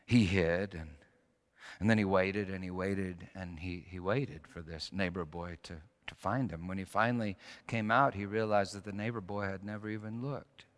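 A middle-aged man preaching a sermon with storytelling, moving between hushed passages and emphatic ones. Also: low-pitched, fairly even intonation, moderate pace. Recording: long hall reverb.

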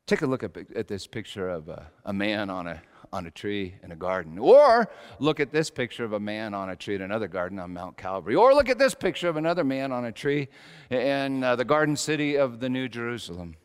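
A pastor preaching a sermon, swinging between loud exclamations and hushed asides. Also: male voice, mid-range voice, sing-song, fairly quick, clear, resonant tone. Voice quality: slight whistle on a false tooth. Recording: long echoing hall reverb.

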